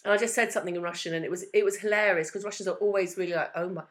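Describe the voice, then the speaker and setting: A British woman co-hosting a podcast, chatting casually and telling quick, self-mocking stories. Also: mid-range voice, fairly even intonation. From Britain. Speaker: co-host. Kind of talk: casual chat.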